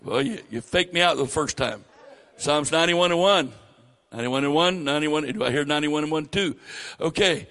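An older man with a Southern accent preaching a sermon, rising loud and high on key phrases. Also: brisk. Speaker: pastor.

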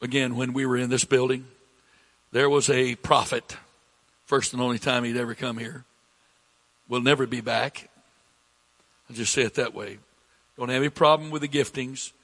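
A middle-aged man preaching a sermon as pastor, slow and repetitive, rising in pitch when he presses a point. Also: steady tone, a bit bright. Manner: slow, repetitive preaching, rising with emphasis, coughs between lines.

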